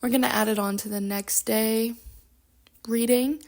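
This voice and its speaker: A bubbly young woman rambles through a casual vlog from her home, full of fillers and quick asides. Her voice sits a little high, with a gravelly fry at the ends of her words. She talks into a handheld microphone. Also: steady tone, darkish tone. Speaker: book vlogger. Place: at home, moving between rooms.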